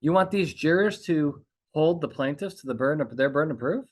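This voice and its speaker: Coaching lawyers on how to speak in court, this trial consultant hosts his podcast as an emphatic monologue, restating his points and constantly asking "okay?". His fairly high voice is brisk with lively intonation.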